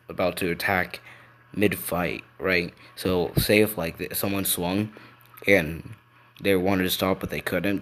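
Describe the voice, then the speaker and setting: A man's voice: deep voice, fairly bright tone, a little hiss or hum. A man improvising a fan story, rambling and correcting himself as he goes.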